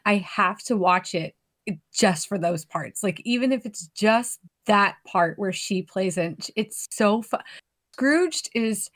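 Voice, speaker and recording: A woman's voice: medium pitch, animated, slow, a bit bright. A woman co-hosting a podcast in casual chat, chatty and swearing casually. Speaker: podcast co-host.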